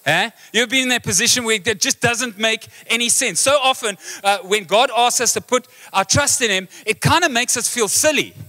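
Man, pastor, live sermon, high voice, bright tone, animated, questions to the congregation. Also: moderate pace, few pauses. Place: church hall.

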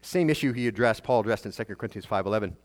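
A pastor with a lowish male voice delivers a sermon in an unpolished, talky way. He fires off rhetorical questions at his congregation and trips over his own restarts as he goes. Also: expressive, racing. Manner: preaches in a conversational way, with many restarts and rhetorical questions.

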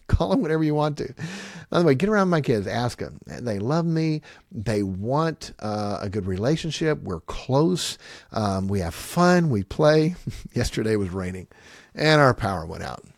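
Lively middle-aged man teaching parents. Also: medium pitch, a little slow, vocal fry, no echo, studio quality. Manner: animated, acts out parent and child lines, laughs often. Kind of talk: conversational teaching talk.

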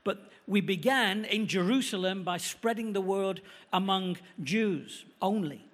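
Preacher, male, middle-aged, Manchester accent, brisk chatty delivery, fairly high voice, echoey church hall. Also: a bit bright. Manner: quick, conversational preaching, slowing for emphasis. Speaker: visiting pastor. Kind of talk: sermon.

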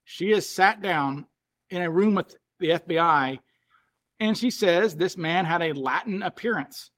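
A man with a fairly high voice hosts a podcast in loose, casual conversation. He thinks aloud as he talks and often circles back to rephrase what he just said. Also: measured pace, a bit bright. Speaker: podcast host. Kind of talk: casual chat.

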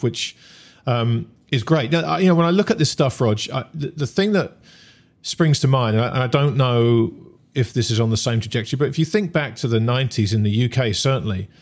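Hedging and restarting often, this podcast co-host muses hesitantly through a casual sports discussion. He speaks at medium pitch and a little fast.

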